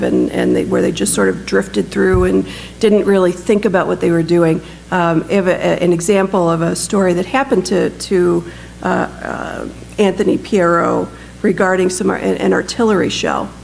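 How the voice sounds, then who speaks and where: A woman's voice: on the low side, gravelly, darkish tone, a little hiss or hum, low-quality recording. A woman presenting a book at a library talk, reading passages aloud and adding casual remarks with frequent ums. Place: library event room.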